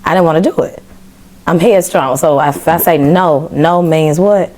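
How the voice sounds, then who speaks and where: Speaking at a moderate pace in a deep voice, this young Memphis woman is a podcast guest sharing her story in relaxed chat. She performs the dialogue with lively energy.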